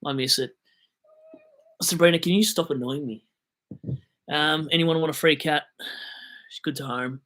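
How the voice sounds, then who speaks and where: A man's voice: a little high, measured pace, pauses often, a bit bright. A young Australian man hosting a livestream, reading viewer comments aloud and rambling in a jokey, self-deprecating way. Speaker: livestream host answering viewer questions. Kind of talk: casual livestream chat.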